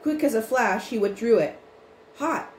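Narrating a chapter from a storybook, a female audiobook reader keeps a steady, leisurely reading voice in the mid range, with the odd small restart. The audio is roomy with faint background noise.

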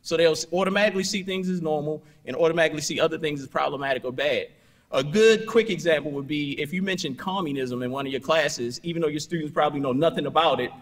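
Here a man whose voice runs a little high delivers a conference keynote, the sound carrying hall reverb. His style is chatty storytelling, sprinkled with punchy asides and rhetorical questions, and he constantly tags "right?" and "you know" onto his points.

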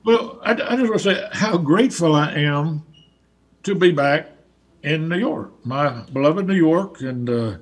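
Husky, slightly high Southern man; rambling guest storyteller. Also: animated, a little slow. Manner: rambling, repeats words as he restarts. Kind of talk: casual storytelling conversation.

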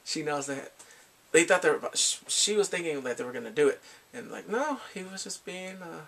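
Excitable man with a gravelly voice. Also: a little high, quick pace. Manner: excitable, quotes characters in lively voices, laughs and sighs often. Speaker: drama reviewer. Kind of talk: casual recap chat.

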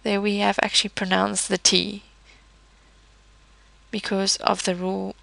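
A woman teaches French pronunciation in a calm, methodical way, walking through rules step by step. Her voice sits in a middle register with a little gravelly fry at the edges. She is recorded close and dry, with no room sound at all. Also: medium pitch, no room sound. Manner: patient, methodical, slows down to model words. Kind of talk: explanatory language lesson.

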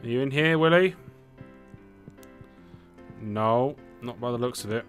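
A man's voice: medium pitch, unhurried, soft background music. A young British man from the UK, chatting casually while he plays a farming game, swearing often and humming to himself. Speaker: gaming streamer. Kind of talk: casual let's-play commentary.

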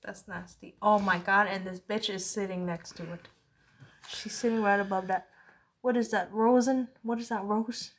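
A woman's voice: medium pitch, fairly even intonation, moderate pace, a little hiss or hum. A woman co-hosting a comedy video, teasing and exclaiming with crude playful insults. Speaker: comedy vlog co-host. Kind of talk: crude improvised comedy banter.

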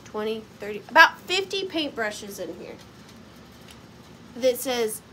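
Young woman, vintage seller, bubbly and playful, high and swooping. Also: very animated, slow, bright, forceful tone, a little hiss or hum. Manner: bubbly and playful, talks to her items. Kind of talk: casual live sale chat.

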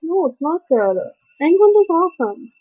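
A woman's voice: extremely high pitch, very animated, moderate pace, dark tone. A playful woman from Minnesota hosting a game playthrough, reading dialogue aloud and joking. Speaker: let's play host. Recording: dull lo-fi recording.

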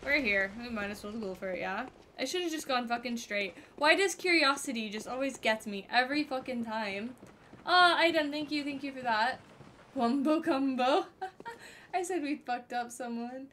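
A woman streamer giving excitable, foul-mouthed commentary to her viewers while playing a game. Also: sits high, moderate pace, a little hiss or hum. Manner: excitable, swears freely, talks to her viewers. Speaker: gaming streamer. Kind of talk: let's play commentary. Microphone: headset or desk mic.

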